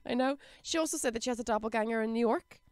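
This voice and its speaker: A Northern Irish woman in her thirties with a fairly high, smooth, clear voice, chatting as a podcast guest. She tells stories in a relaxed way, slips into other people's voices to quote them and laughs often. The recording is dry and close. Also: rapid-fire, no room sound. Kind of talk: casual chat.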